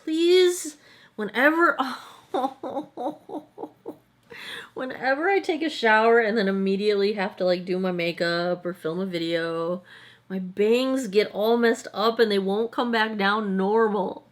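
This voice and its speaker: Here a chatty woman in her forties talks in a mid-range voice at a moderate pace. She's a skincare vlogger and product maker filming at home in front of a monitor, and her casual product review rambles along with frequent self-corrections.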